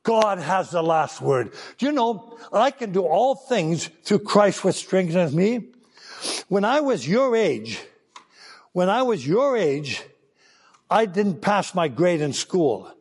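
Lively high-voiced older preacher. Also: male voice, takes it slowly, slightly rough, in a large hall. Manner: animated storytelling, acting out voices. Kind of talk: children's sermon.

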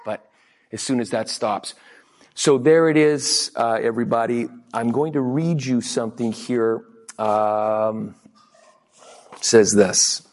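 A man preaching a lively sermon as a pastor, acting out little quoted exchanges in different voices. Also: medium pitch, slow pace. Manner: animated, acts out quotes in funny voices. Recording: long hall reverb.

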